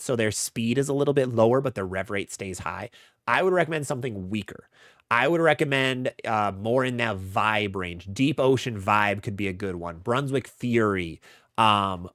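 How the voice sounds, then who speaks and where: A man's voice: mid-range voice, fairly bright tone, dry recording, studio quality. A man hosting a live bowling Q&A, giving casual gear advice in answer to viewer questions. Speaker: bowling channel host. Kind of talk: live stream Q&A, answering chat.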